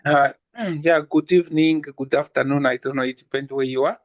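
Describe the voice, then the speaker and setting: A man's voice: medium pitch, steady tone, a little fast. A man from the Democratic Republic of Congo, introducing himself politely with many hesitations. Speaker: participant. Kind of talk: personal introduction on a group call.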